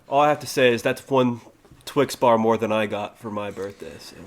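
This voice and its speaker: A young man on a casual podcast, dropping wry, deadpan asides. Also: medium pitch, moderate pace, slight background noise. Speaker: podcast co-host. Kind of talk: casual chat.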